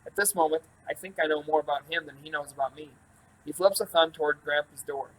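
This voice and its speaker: Guy reading an audiobook, calm and steady, slightly high voice. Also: fast talker, low-quality recording. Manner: calm, even storytelling. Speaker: audiobook narrator. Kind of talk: first-person audiobook narration.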